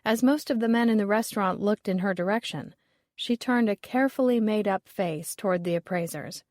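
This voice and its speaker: A woman narrating a mystery audiobook in a scripted style, with an even, measured read into a close mic. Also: medium pitch, no room sound.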